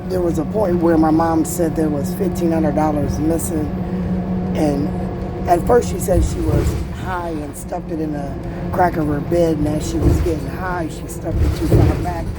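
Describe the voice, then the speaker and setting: A woman ranting about her family in a rambling, agitated way, swearing heavily, her voice climbing higher as she gets angrier. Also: steady tone, moderate pace. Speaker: vlogger. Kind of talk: emotional personal rant. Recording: loud vehicle noise behind.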